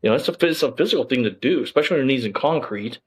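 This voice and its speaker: A man's voice: medium pitch, expressive, rapid-fire, slightly rough. A middle-aged man, telling his story as an interview guest, bluntly and emphatically, with plenty of cursing and fillers. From Texas.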